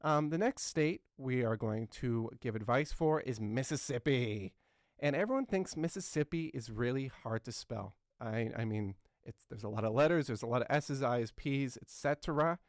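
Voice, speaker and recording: A man's voice: mid-range voice, animated, normal speed, no room sound, close to an everyday voice. Young man doing a clueless talk show host, earnest, rambling, lots of ums, dry voice. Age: 20s. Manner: rambling and repetitive, heavy with ums and uhs. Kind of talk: satirical talk show comedy.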